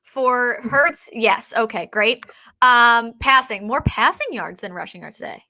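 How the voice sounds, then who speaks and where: A woman co-hosting a casual sports chat, excitable, often trailing off and restarting mid-sentence. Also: a little high, measured pace. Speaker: podcast co-host.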